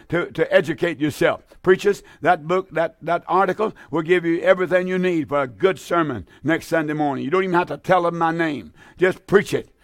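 A man preaching a fervent radio sermon, getting excited, repeating himself and stumbling over words as he reads scripture. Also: fairly high pitch, no echo, clean studio sound. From American South.

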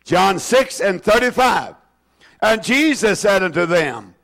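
A male preacher, delivering a sermon and drawing out scripture quotations with slow emphasis. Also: high voice, animated, creaky, a bit bright.

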